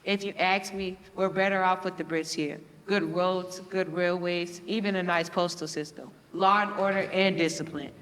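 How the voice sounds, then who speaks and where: An actor playing a scornful, lecturing, old-fashioned Indian uncle. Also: male voice, high voice, fairly even intonation, normal speed, hardly any pauses, fairly bright tone. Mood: dismissive. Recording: echoey room, long reverb.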